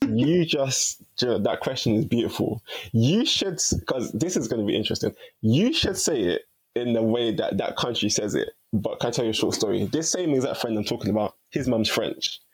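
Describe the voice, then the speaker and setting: Laid-back young man, husky. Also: medium pitch, brisk, poor audio. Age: young adult. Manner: chatty and relaxed, heavy use of "like". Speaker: podcast guest. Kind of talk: casual storytelling chat.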